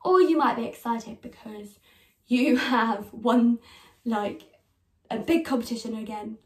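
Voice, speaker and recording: A young British woman in her twenties leads an online drama class for children, speaking directly to the kids in an upbeat, encouraging way. Her voice is a little high and measured, recorded from a distance in an echoey room.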